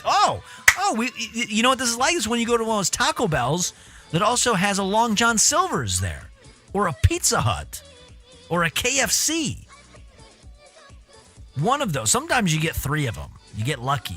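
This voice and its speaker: A man's voice: on the high side, bright, forceful tone. A young man streaming casually, reading a news article aloud with rambling, jokey asides.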